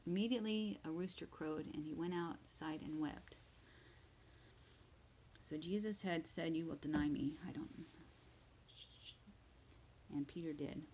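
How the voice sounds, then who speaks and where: A woman reading Bible verses aloud slowly and retelling each one in simple words for English learners, at times dropping to a whisper. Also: deep voice, darkish tone, a little hiss or hum, rough recording. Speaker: English teacher.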